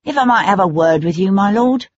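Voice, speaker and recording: A narrator voicing an anxious, fussy male magistrate with a high, strained voice, on a dull lo-fi recording. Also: expressive, a little fast, close to an everyday voice.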